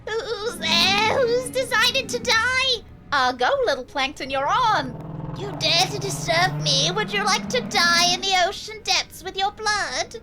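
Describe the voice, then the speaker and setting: A woman's voice: extremely high pitch, unhurried, pitched above the performer's own voice, low-quality recording. A woman putting on a fierce, menacing lady manatee. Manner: loud, menacing, theatrical. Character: fierce, threatening female manatee. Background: game music.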